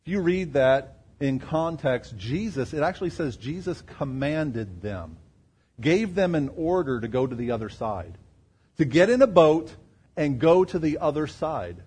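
Husky-voiced preacher man, emphatic and dynamic. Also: very animated, unhurried. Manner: asks the crowd rhetorical questions; swings between loud emphasis and quiet lows. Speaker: pastor. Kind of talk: sermon.

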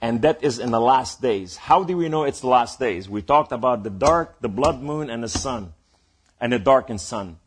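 A man's voice: medium pitch, animated, moderate pace, slight background noise. A man preaching a sermon in a rambling, emphatic way, building to calls to the listeners. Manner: rambling and emphatic, rising to exhortation.

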